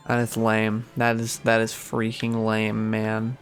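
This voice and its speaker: A man's voice: lowish voice, monotone, unhurried, hardly any pauses, faint music behind. A young Australian man streaming a game, rambling sarcastically with many fillers. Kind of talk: casual gaming commentary.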